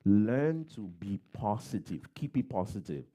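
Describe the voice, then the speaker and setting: A man's voice: on the low side, very animated, measured pace, warm tone. A man preaching a sermon as a pastor, giving plain advice, repeating key phrases and acting out everyday quotes.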